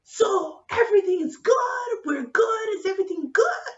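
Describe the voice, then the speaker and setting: A woman mimicking a drunk, pushy male doctor who is overly familiar, in a shrill, whiny, insistent voice. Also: lively intonation, measured pace, a bit bright, roomy sound, distant mic, lo-fi sound, exaggerated voice.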